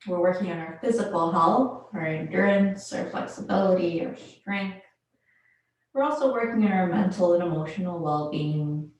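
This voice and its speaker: Woman yoga instructor, slightly low voice, calm paced cues, very roomy distant recording. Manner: slow, calm guided cues with pauses. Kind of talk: guided yoga class instruction. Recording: very echoey room, mic far off.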